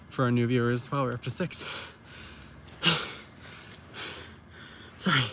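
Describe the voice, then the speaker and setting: A man's voice: medium pitch, steady tone, slow, pauses often, a bit bright, slight background noise. A man hosting a live stream outdoors on a hill at night, out of breath and chatting casually while he sets up his gear. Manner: chatty, thinking aloud while setting up gear. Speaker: livestream host.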